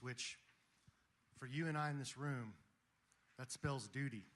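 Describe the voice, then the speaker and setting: A man's voice: mid-range voice, measured pace, pauses often, a bit bright. A man giving an impassioned, preaching speech to a live audience at a Christian gathering. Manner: preaching, rhetorical, emphatic.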